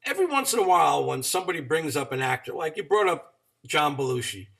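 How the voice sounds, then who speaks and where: A man's voice: a little high, big pitch swings, fast talker, gravelly, fairly bright tone, far from the mic. A man hosting a podcast, asking encouraging, prompting questions of his guest. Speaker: podcast host. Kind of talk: interviewing.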